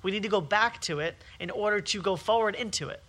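A man preaching an emphatic, repetitive sermon, swinging between forceful calls and quieter stretches. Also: sits high, fast talker. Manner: emphatic, repetitive preaching with rising and falling intensity.

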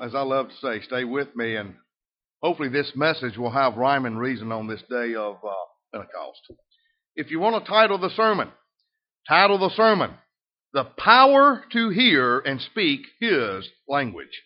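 A middle-aged man with a Southern US accent preaching a sermon in a folksy way, switching between emphatic and soft delivery. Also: medium pitch. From Southern United States. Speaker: pastor. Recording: dull lo-fi sound.

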